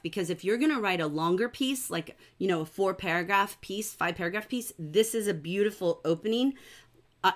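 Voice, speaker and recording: A middle-aged woman teaching a livestreamed writing class from her home computer, warm and enthusiastic as she praises her students' work. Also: mid-range voice.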